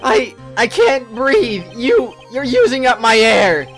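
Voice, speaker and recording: A man's voice: very high voice, very animated, very slow, faint music behind, pitched above the performer's own voice, full character voice. A man voicing a panicked man trapped without air in a video game, frantic and screaming.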